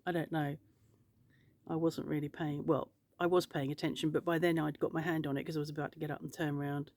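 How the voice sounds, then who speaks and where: A woman's voice: deep voice, little pitch movement, fast talker, a little mellow, no echo. A woman vlogging from home, rambling and outspoken, swearing freely. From England. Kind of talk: casual chat to camera. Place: home in France.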